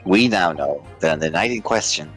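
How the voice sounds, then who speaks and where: A player voicing an earnest young male defense lawyer, reading his argument with deliberate emphasis. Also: sits low, expressive, faint music behind, voice pushed down.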